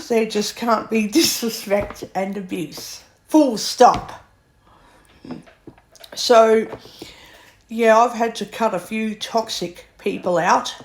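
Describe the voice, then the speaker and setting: A woman's voice: on the high side, slow pace, a little hiss or hum. A woman, bluntly ranting to camera in a vlog. She sounds exasperated, swears freely and keeps circling back over her points. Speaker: vlogger. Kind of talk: ranting monologue.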